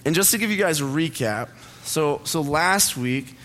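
A man's voice: a little high, lively intonation, normal speed, a bit bright. A young man preaching a casual sermon in a church, chatty and self-deprecating, telling a story about himself. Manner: chatty, self-deprecating, laughs at own jokes. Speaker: pastor. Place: church auditorium.

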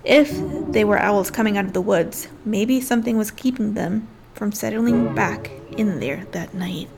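A woman's voice: medium pitch, moderate pace, gravelly, a crowd in the background. A woman co-hosting a podcast in casual chat, curious and easygoing, often giggling. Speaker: podcast co-host.

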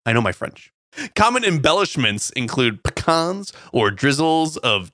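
Bright, playful man, dry close sound. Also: fairly high pitch, sing-song, measured pace, no room sound. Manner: playful, jokey, laughs often. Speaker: co-host of a cooking show. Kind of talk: casual banter.

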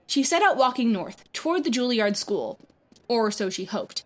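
A woman reading a short story aloud as narrator, in an expressive, lively storybook style. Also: fairly high pitch, normal speed. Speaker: audiobook reader.

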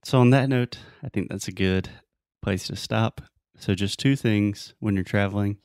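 Deep-voiced American man giving friendly advice. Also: normal speed, darkish tone, no echo, clean studio sound. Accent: Southern American. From United States. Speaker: host. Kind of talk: casual advice chat.

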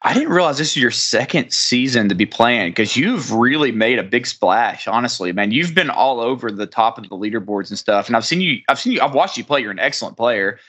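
A man hosts a gaming podcast in a bright, ringing voice. He jokes his way through the introductions and keeps the chat light and playful. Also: mid-range voice, animated, fairly quick, hardly any pauses. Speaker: podcast host. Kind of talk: casual podcast banter.

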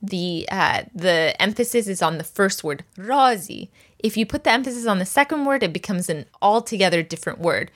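A woman teaching a language lesson, patiently breaking phrases down and repeating each word slowly for learners. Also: mid-range voice, expressive, a bit bright.

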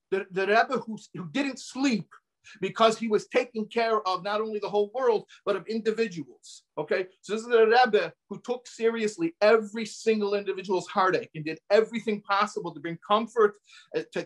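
A man's voice: high voice, expressive, normal speed, fairly bright tone. A man giving an impassioned sermon as a rabbi, often repeating phrases for emphasis and sprinkling in Hebrew and Yiddish terms.

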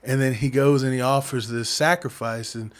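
A man's voice: medium pitch, steady tone, moderate pace. A man telling a Bible story in a casual, slangy way, often saying "man" and acting out the characters' lines in conversation. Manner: slangy, laid-back, says "man" a lot. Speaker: Bible study speaker.

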